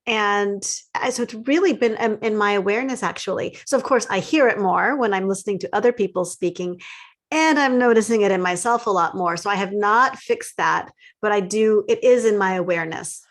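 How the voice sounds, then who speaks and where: A woman from California co-hosting a casual podcast, who speaks eagerly and speeds up when she gets excited. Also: mid-range voice, a little fast. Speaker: podcast co-host.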